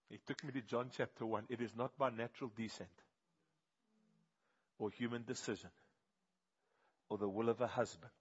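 A man's voice: medium pitch, breathy edge, highs cut off. A man with a South African accent preaching a sermon emphatically and having the congregation repeat words back to him. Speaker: pastor.

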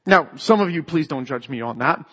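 A man's voice: on the high side, lively intonation, fairly quick, bright, forceful tone, husky. Man preaching in a dull, echoey hall. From Canada. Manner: storytelling, repeats words when starting a phrase. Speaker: lay preacher. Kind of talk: sermon.

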